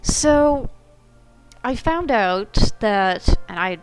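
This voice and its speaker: A woman co-hosting a casual gaming podcast, relaxed and teasing with a dry humor, rambling through her stories. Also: medium pitch, drawn-out words, smooth, faint music behind, poor audio. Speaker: podcast co-host.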